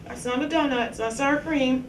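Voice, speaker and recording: Chatty woman talk show host, fairly high voice, recorded from a distance in an echoey room with background noise. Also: moderate pace. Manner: chatty, hospitable, laughs easily. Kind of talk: casual chat. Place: small cafe.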